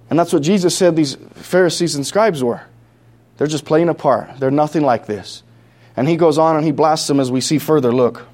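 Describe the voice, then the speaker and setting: A man preaching a sermon from scripture, talking through it in a loose, conversational way with restarts, then building to loud, impassioned passages. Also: on the high side. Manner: conversational asides with many restarts.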